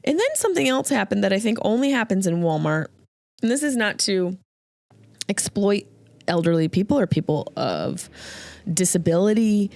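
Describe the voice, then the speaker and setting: Animated woman telling a comic story. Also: medium pitch, normal speed, gravelly, no echo, studio quality. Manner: animated, jokey, acts out quoted voices. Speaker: podcast host. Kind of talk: comedic storytelling monologue.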